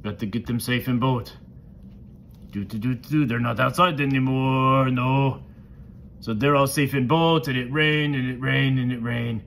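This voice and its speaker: A man's voice: medium pitch, fairly even intonation, a little slow, vocal fry, fairly bright tone, slight background noise. A man voicing a friendly male monster puppet who tells a Bible story to a child in broken, simple grammar. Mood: playful.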